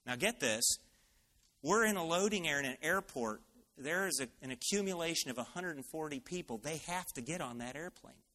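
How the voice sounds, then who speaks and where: A male pastor telling a personal story in an animated sermon. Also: a little high, a little fast.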